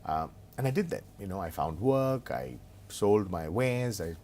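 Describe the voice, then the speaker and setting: A man's voice: on the low side, lively intonation, unhurried, darkish tone, a little hiss or hum. A middle-aged man, a consultant telling humorous, self-mocking anecdotes in a conversational interview. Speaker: business consultant and author as guest.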